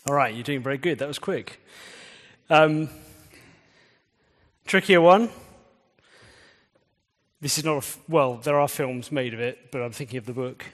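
A man's voice: medium pitch, a little slow, pauses often, a bit bright. A man preaching a sermon in a conversational way, quizzing the audience. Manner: conversational, engages the audience with quiz questions. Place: church. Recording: reverberant church hall.

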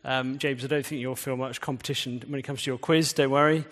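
A man's voice: mid-range voice, fairly even intonation, fast, fairly bright tone. A man preaching a sermon in a conversational way, quizzing the audience. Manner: conversational, engages the audience with quiz questions. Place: church. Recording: reverberant church hall.

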